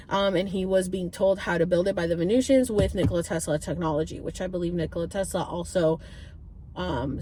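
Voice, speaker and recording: A woman in her thirties telling stories to camera in a chatty, animated way, swearing now and then. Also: lowish voice, slight background noise. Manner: chatty, animated, swears freely, many fillers. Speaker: vlogger. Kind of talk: casual storytelling to camera.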